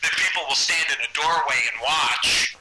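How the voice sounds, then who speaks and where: A man telling anecdotes as a podcast guest in an animated way. He acts out other people's voices. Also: on the high side, moderate pace. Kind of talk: anecdotal storytelling. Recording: loud background noise.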